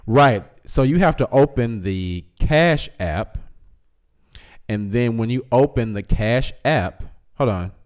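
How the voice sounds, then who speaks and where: A man's voice: medium pitch, lively intonation, takes it slowly, a little mellow. A man hosting a casual livestream, reading chat comments aloud, teasing viewers and laughing often.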